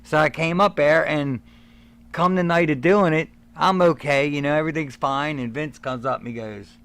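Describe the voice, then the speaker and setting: A middle-aged man spins a backstage yarn in easy, casual chat, slipping into the voices of the people he quotes. His voice sits a touch high. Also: moderate pace, smooth. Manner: animated storyteller who acts out the voices of others. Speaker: former pro wrestler guest. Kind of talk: casual storytelling.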